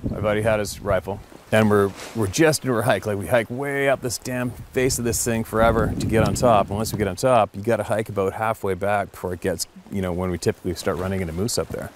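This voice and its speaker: A man's voice: fairly low pitch, fast talker, a little hiss or hum. Rambling middle-aged man telling a story. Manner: rambling and animated, repeats words as he goes. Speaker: hunting guide. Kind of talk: casual storytelling.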